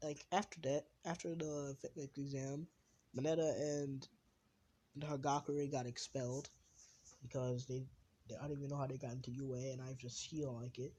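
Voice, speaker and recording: A man's voice: mid-range voice, little pitch movement, moderate pace, a little hiss or hum. A young man casually making up a fan anime story as he goes, often interrupting himself and trailing off. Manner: rambling, self-interrupting, trailing off quietly. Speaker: channel host telling a fan story.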